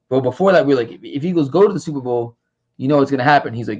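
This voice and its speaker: A man recounting a story in loose, casual conversation, slipping into the voices of the people he quotes. His pitch sits in the middle of the range. The audio is dull and lo-fi. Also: racing, vocal fry. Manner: animated storyteller acting out quotes. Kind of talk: casual chat.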